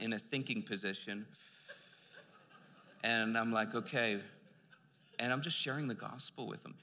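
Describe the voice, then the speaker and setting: A man's voice: medium pitch, pushed and bright. An older man preaching a sermon in a church, telling a personal story in a loose conversational way with many fillers. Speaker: pastor. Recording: long hall reverb.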